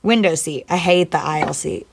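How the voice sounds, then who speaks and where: A woman with a fairly low voice, talking casually in an interview. She is chatty and playful, and gives short, snappy answers. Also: gravelly, slight background noise. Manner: chatty and playful, quick one-word answers. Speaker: singer and actor being interviewed.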